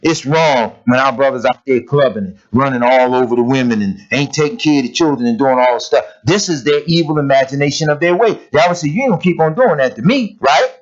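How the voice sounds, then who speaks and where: A man delivers a sermon quickly in a mid-range voice, with hardly any pauses. He uses casual, plain phrasing and blunt, emphatic rhetorical questions to press his points, on a dull lo-fi recording.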